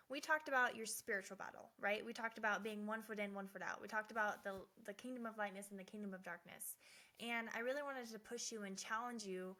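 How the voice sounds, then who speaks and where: Middle-aged woman chatting about faith, animated, keeps saying right?, bright kinda high voice. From Southern Oregon. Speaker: host of a faith talk show. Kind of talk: casual faith-based talk to listeners.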